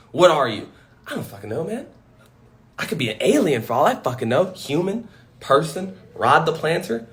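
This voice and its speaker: A man on a casual livestream from home, talking emphatically and swearing freely into a phone. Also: on the high side. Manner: animated, profane, emphatic. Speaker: livestream host.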